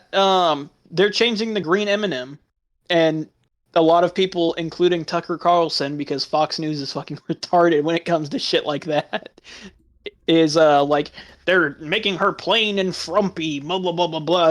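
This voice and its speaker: A man's voice: on the high side, normal speed. A man chatting casually, laughing often through crude, sarcastic remarks. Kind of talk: casual chat.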